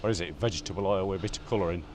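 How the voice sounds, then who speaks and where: A man's voice: low-pitched, rapid-fire, a little hiss or hum. An older man, chatting easily and dryly on a seaside walk. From Derbyshire, England. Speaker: fellow vlogger and guest. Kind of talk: casual chat. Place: outdoors by a seaside street.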